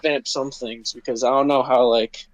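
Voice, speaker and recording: A man's voice: mid-range voice, level tone, a little fast. A man co-hosting a podcast, chatting loosely and jokingly with lots of fillers. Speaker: podcast co-host. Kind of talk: casual podcast chat.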